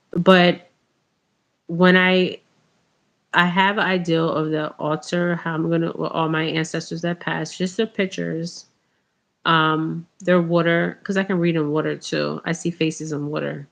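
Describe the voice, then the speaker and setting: Her voice is low, gravelly and a touch bright as she talks to camera about her spiritual path. The vlogger rambles, fills gaps with ums, repeats "okay?", and refers to viewers as "you guys."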